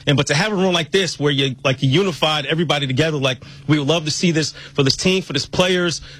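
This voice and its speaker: A man who produces a sports radio show, talking excitedly and rambling. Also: a little high, fast, breathy edge. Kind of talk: sports talk radio chat.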